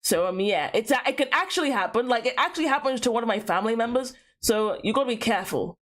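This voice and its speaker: Lively high-voiced young woman gamer. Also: fast talker. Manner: playful, animated, given to repeating herself. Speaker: gaming streamer. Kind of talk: casual let's-play commentary.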